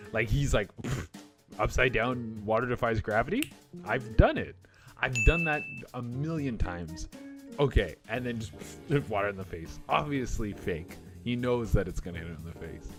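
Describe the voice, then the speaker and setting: A man riffs through a comedy reaction video with a loose, rambling delivery full of swearing and jokey asides. His voice swings lively up and down. Music plays clearly behind him. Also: on the low side. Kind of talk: casual comedic reaction commentary.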